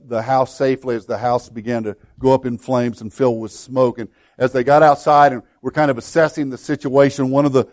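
A man preaching a sermon and leading a prayer, earnest, often repeating words and dropping to a hush for emphasis. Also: mid-range voice. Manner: earnest, repeats words, swings between loud and hushed. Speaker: pastor.

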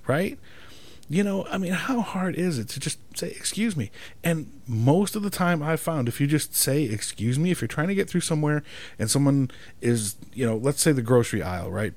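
A man's voice: mid-range voice, a little mellow, no echo. A man ranting in a profane monologue, exasperated and emphatic, swearing constantly and often asking "right?" for agreement.

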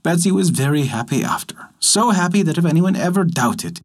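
Narratore dalla voce roca ed espressiva. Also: male voice, on the high side, animated. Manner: measured storybook delivery. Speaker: storyteller. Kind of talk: scripted narration of a folk tale.

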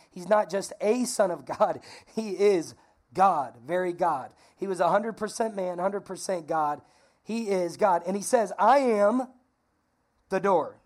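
A woman pastor preaching a lively, conversational sermon, calling on the congregation to repeat phrases. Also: medium pitch. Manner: energetic, conversational, calls for congregation responses.

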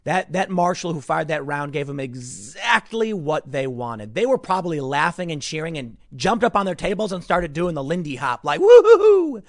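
A man giving opinionated news commentary, animated and sarcastic, sometimes mocking others in put-on voices. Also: on the high side, moderate pace, hardly any pauses, no room sound, clean studio sound. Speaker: political commentator.

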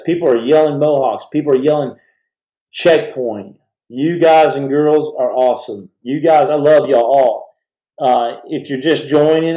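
A man's voice: mid-range voice, dark tone. Fervent rambling man in an echoey room. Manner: fervent, rambling, restarts often. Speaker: podcast host. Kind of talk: live-stream podcast talk to viewers. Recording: roomy echo.

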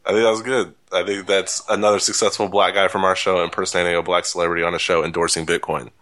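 A man hosting a podcast in casual chat, halting with restarts and dry humor. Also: sits low, level tone, a bit bright. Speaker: podcast host.

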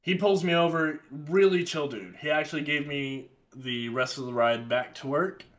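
A young man telling a story in a casual, animated and exasperated way, swearing often. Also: a little high, moderate pace. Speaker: podcast co-host telling a story.

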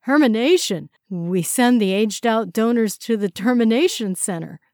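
A gentle, polite man grows bewildered in a storybook reading, as a woman narrator gives him voice. The sound is dry and close. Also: mid-range voice, very animated, slow, no room sound. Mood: alarmed. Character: gentle, confused heavyset man Phil.

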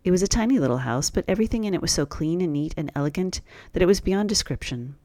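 A man reading a classic fairy tale aloud in a steady, plain storytelling voice. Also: high voice, quick pace, no room sound, studio quality.

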